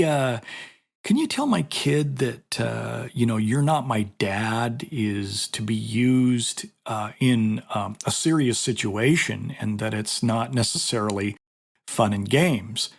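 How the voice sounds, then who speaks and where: Middle-aged man, gravelly, husky voice, casual storytelling, martial arts teacher. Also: mid-range voice, moderate pace. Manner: storytelling, conversational, many fillers. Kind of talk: casual monologue.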